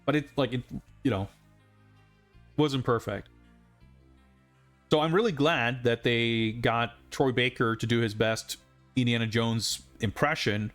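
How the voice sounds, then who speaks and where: A man's voice: medium pitch, fairly even intonation, measured pace, long pauses, a bit bright, soft background music. Rambling man streaming a game. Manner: rambling, many fillers and asides. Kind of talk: casual live-stream commentary.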